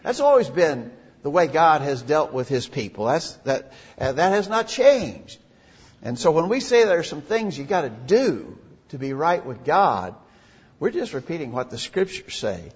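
A man's voice: a little high, big pitch swings, moderate pace, breathy edge. A man preaching a sermon in an earnest, emphatic way, reading scripture aloud. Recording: dull lo-fi recording in a reverberant hall.

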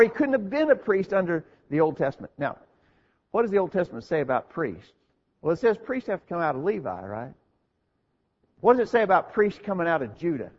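Husky man preaching a sermon. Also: high-pitched. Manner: earnest, explanatory, asks and answers his own questions. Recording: dull lo-fi recording.

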